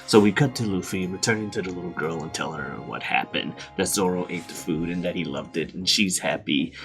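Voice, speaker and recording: A man's voice: low-pitched, a little fast, faint music behind. A man recapping a story casually, with lots of swearing and laughter. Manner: profane, laughing, animated. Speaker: series host.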